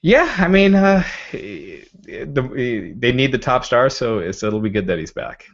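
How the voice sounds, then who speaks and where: A man's voice: medium pitch, big pitch swings, slow. A man co-hosting a podcast in casual chat, talking in a laid-back, easygoing way. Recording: dull lo-fi podcast audio.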